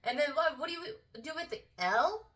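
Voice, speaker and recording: High, bright-voiced female vocal coach. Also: expressive, recorded from a distance. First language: Korean. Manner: explains slowly, breaks into high sung phrases to demonstrate. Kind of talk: singing lesson with sung demonstrations.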